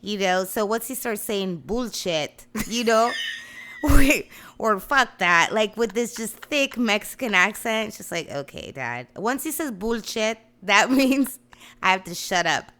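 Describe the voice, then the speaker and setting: Bright-voiced woman swearing through stories. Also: medium pitch, unhurried. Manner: profane, animated storytelling. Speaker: guest. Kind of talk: casual chat.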